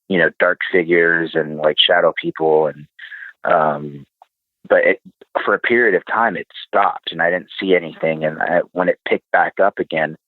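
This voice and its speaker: A man guest telling a personal story casually, halting with many fillers and restarts. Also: sits low, no echo. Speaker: podcast guest. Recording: tinny phone-like remote line.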